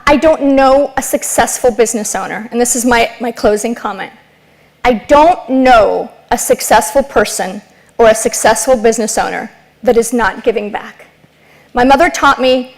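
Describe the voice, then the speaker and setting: A woman's voice: high-pitched, normal speed. A middle-aged woman from Ecuador giving an emphatic motivational keynote, telling stories and driving rhetorical points home. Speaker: keynote speaker. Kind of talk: motivational speech.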